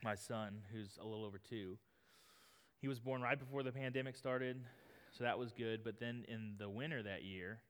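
With a clean, slightly bright voice of medium pitch, a pastor in his thirties speaks at a normal speed. His sermon mixes scripture readings with earnest, conversational talk, captured with the long reverb of a church sanctuary.

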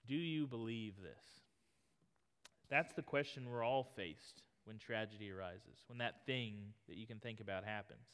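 A man's voice: mid-range voice, clean tone. Earnest male pastor in a reverberant sanctuary. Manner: earnest, conversational preaching with scripture reading. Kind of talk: sermon. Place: church sanctuary. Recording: long hall reverb.

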